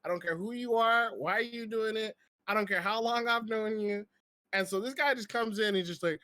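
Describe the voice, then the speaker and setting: A young man with a notably high voice, swapping stories on a casual podcast. He talks in an animated, slangy way with plenty of swearing, recorded dry and close. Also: fairly quick, dry recording. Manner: animated storyteller, slangy and profane. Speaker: podcast co-host. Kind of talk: casual chat.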